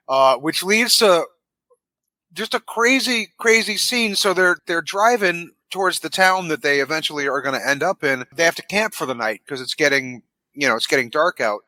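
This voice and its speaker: A man hosting a podcast, retelling a film scene in an animated way, swearing and laughing often. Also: a little high, normal speed, no room sound. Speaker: podcast host. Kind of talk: casual film recap.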